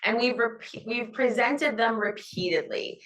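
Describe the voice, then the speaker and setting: Speaking at a summit, a middle-aged educator models classroom reading cues in a raised, teacherly voice during her conference talk. Her voice is on the high side and a bit bright, her pace measured, and the recording rough.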